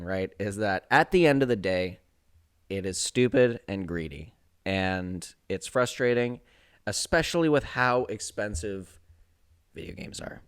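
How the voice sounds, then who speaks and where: A man co-hosting a podcast, ranting in casual chat and repeating points for emphasis. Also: lowish voice. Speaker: podcast co-host.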